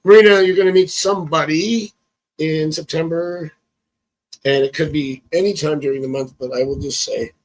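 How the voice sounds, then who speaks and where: Slightly high-voiced male tarot reader on a casual phone live stream, chatty and prone to chuckles. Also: fairly even intonation, normal speed, poor audio. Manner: chatty, thinks aloud, chuckles often.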